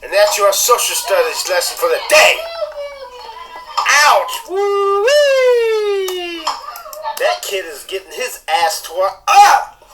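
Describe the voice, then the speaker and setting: A woman's voice: fairly low pitch, very animated, moderate pace, background noise. A woman commenting wryly in a played clip.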